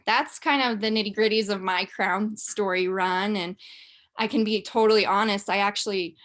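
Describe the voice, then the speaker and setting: A young woman hosting a live business call, upbeat and chatty. Her pitch sits in an ordinary middle range, and she keeps the talk casual and enthusiastic with easy fillers. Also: a bit bright. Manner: bubbly, enthusiastic, with frequent fillers and laughs. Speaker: host of a business mastermind call.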